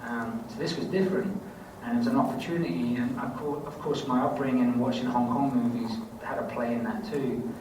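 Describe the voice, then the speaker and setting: A man's voice: mid-range voice, fairly even intonation, a little fast, hardly any pauses. A Scottish-born man with a London accent, a convention panel guest telling rambling, self-mocking anecdotes in casual Q&A answers. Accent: London English. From Scotland. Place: large convention hall. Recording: echoey hall, distant mic, background noise.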